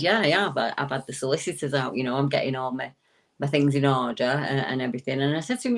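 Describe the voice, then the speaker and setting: A woman, a talk show guest who tells stories in a casual way, jumps up high when she quotes people and restarts her sentences often. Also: gravelly. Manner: animated storyteller, swooping into high quoted voices, frequent restarts. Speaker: guest paranormal investigator.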